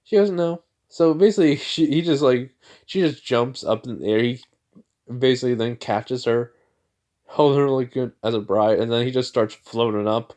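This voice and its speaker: A man's voice: mid-range voice, normal speed, darkish tone. Rambling young-sounding male storyteller. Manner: rambling, full of filler words. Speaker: fan storyteller. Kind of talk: casual fan-fiction retelling.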